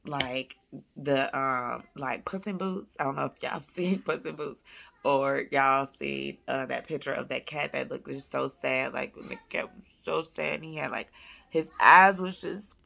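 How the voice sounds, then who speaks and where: Woman, thirties, low gravelly voice, chatty vlog at home. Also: unhurried. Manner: chatty, animated, addresses viewers as y'all. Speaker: vlogger, mother. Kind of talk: casual faith-based vlog chat. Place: at home, indoors.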